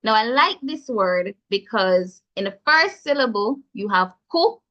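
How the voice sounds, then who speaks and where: A woman teaching pronunciation online, with a Jamaican accent, speaks in a medium-pitched, animated and fairly bright voice at a measured pace. She encourages learners and carefully spells out sounds. The recording is dull, lo-fi call audio.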